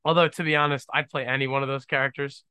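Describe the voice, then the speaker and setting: Bright-voiced young man rambling jokingly. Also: medium pitch, little pitch movement, quick pace, smooth, no echo. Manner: rambling, self-deprecating and joking. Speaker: podcast host. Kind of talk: casual solo podcast monologue.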